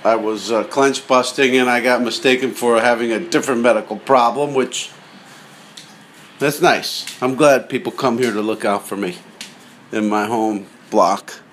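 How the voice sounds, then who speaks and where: A man's voice: medium pitch, steady tone, normal speed, a bit bright, a little hiss or hum. A man hosting a podcast, talking in a chatty, digressive way and often cutting himself off while he sits in a car. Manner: chatty, digressive, self-interrupting. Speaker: podcast host. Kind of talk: casual rambling monologue.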